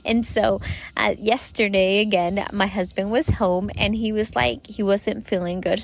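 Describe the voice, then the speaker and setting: Woman host in her thirties, casual advice podcast, chatty, lots of fillers, mid pitch. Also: steady tone, measured pace, gravelly. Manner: chatty, many "you know" fillers.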